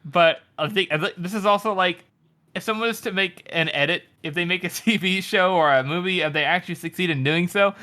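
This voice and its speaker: A man's voice: sits high, fairly quick, bright, forceful tone. A man co-hosting a book podcast in casual, enthusiastic chat, swearing freely and using lots of filler words. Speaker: podcast co-host.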